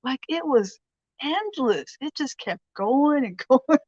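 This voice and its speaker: A woman's voice: sits high, animated, takes it slowly, pauses often, darkish tone, no room sound, lo-fi sound. A woman hosting a weekly prayer show, giving a chatty, rambling faith lesson with frequent laughs. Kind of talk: casual faith teaching.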